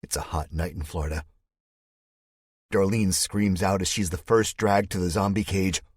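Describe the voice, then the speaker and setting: A man narrating an audiobook in the first person, telling it in a tense, measured way. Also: low-pitched, fairly even intonation, darkish tone, slightly rough, no echo, studio quality.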